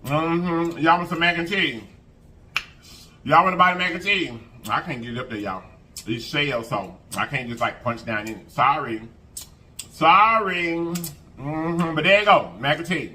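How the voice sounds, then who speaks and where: A man's voice: fairly high pitch, measured pace, a little hiss or hum. A man hosting an eating show, chatting casually to viewers and humming as he eats. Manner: animated, sing-song hype, lots of humming while eating. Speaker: mukbang host.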